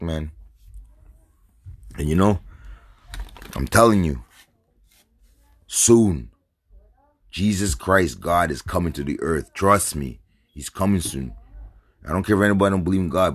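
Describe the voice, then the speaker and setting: A man from North America with a deep, low-pitched voice delivers a rambling, agitated monologue to his viewers. He swears freely and stumbles over repeated words, with a dry, close sound and no room around it. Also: no room sound. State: says he is drinking and smoking. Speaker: vlogger. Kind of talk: stream-of-consciousness rant to camera.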